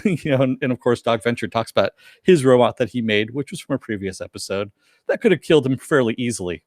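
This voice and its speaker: A man's voice: medium pitch, quick pace, no echo, studio quality. A man hosting a casual review chat, recapping scenes and acting out the characters' lines. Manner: animated, acts out characters' lines with laughs. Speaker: podcast host reviewing a cartoon episode.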